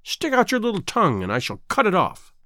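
A man's voice: sits high, huge pitch swings, a little fast, pushed and bright, no echo, clean studio sound, pitched above the performer's own voice, heavily acted. A man putting on a taunting sea witch. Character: cruel scheming female sea witch, mocking. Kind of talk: storybook reading.

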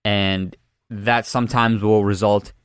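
A man's voice: fairly low pitch, level tone, slow pace, fairly bright tone, smooth, no room sound, clean studio sound. A young man talking casually as a podcast guest, rambling and playfully defensive.

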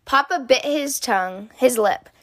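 A woman reading a children's picture book aloud in an expressive, sing-song storytelling manner. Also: high-pitched, unhurried, no room sound, studio quality. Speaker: storybook reader.

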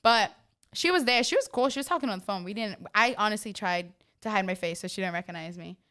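A young woman from Florida, co-hosting a podcast and telling stories in a lively, casual way, acting out the people she quotes. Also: medium pitch, quick pace. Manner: animated, acts out quoted people. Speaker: podcast co-host. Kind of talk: casual storytelling chat.

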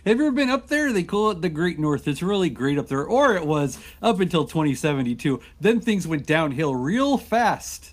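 A man's voice: on the high side, very animated, normal speed, hardly any pauses. A man playing a chatty, folksy man from Winnipeg in a tabletop role-play game.

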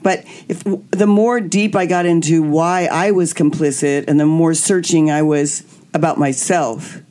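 A woman's voice: low-pitched, measured pace. A woman guest candidly telling a personal story, acting out what people said. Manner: animated, acts out quotes.

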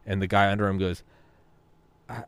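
A man's voice: fairly low pitch, lively intonation, normal speed, no room sound. A man in casual podcast chat, a profane, jokey storyteller who laughs often.

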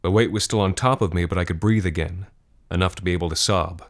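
Deep-voiced man narrating grim horror. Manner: measured, grim storytelling. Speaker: storyteller.

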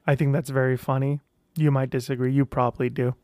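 A man talking casually about adjusting to life after weight-loss surgery, animated and often acting out what other people say. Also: mid-range voice, a little fast, dry recording, studio quality. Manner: animated, self-talking, acts out quoted voices. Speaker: vlogger sharing weight-loss surgery journey. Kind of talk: casual monologue.

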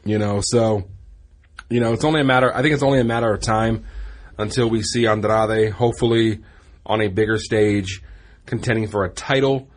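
A man's voice: lowish voice, fairly even intonation, brisk. A man co-hosting a casual wrestling podcast, rambling along and often stumbling over and repeating his words. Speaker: podcast co-host.

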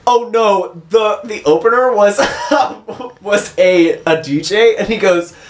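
A man co-hosting a podcast in casual, playful chat, teasing and animated. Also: high voice, slow pace. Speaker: podcast co-host.

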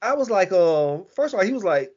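A husky-voiced co-host riffing in casual chat, the pitch leaping around. The audio is a little muffled. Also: sing-song, a little fast, darkish tone. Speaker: podcast co-host.

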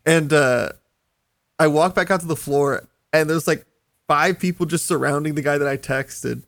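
Young man telling a story, animated and dry. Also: a little high, moderate pace, no room sound. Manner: animated, swearing, laughing through a story. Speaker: podcast co-host. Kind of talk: casual storytelling.

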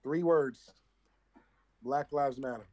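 A man's voice: medium pitch, slow pace, mellow. A man co-hosting a podcast, tossing out wisecracks during casual chat. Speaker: podcast co-host. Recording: dull lo-fi sound.

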